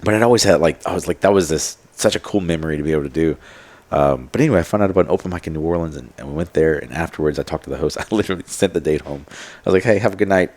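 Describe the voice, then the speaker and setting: Fast-talking low-voiced man. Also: darkish tone. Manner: rambling, many fillers and quoted asides. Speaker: podcast guest. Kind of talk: casual storytelling.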